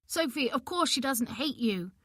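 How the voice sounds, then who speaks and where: A woman narrator voicing a weary young husband who speaks in a flat, cool, firm tone. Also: high-pitched, normal speed, dry recording, clean studio sound, voice pushed up.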